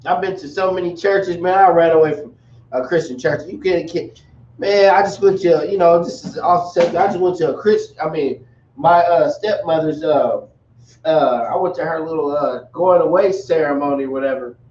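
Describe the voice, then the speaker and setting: High-voiced man teaching in an echoey room. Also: moderate pace, darkish tone, a little hiss or hum. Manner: loose, rambling, jokey asides. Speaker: religious teacher. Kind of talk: casual teaching talk. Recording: echoey dull recording from far off.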